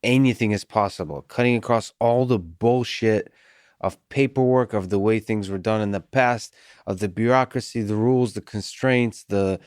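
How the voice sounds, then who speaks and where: Deep-voiced measured man, dry close mic. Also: darkish tone, smooth, no echo. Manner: measured, thoughtful, halting with fillers. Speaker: podcast host. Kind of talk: casual conversation.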